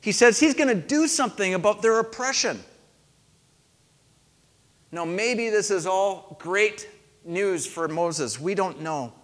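A man's voice: high voice, expressive, slow pace, pauses often. A male pastor giving a sermon in a conversational storytelling manner, asking his listeners questions. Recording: long hall reverb.

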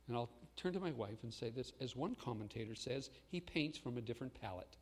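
A man preaching a sermon as pastor, swinging between loud proclamation and hushed asides. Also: mid-range voice, animated, brisk, in a large hall, a little hiss or hum.

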